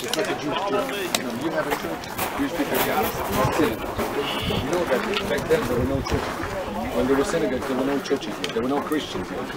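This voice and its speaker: A man gives a guided tour outdoors, explaining in a conversational way and often checking in with his listeners. His voice is mid-pitched, and the chatter of a crowd carries clearly behind him. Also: animated, quick pace. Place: outdoors at a historic site. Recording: outdoor recording with crowd noise.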